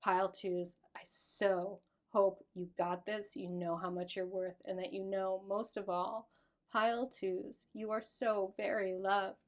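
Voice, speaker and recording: A woman's voice: mid-range voice, flat delivery, a little slow. A woman in her thirties giving a casual tarot reading to camera, talking in an affectionate, gushing way. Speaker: tarot reader.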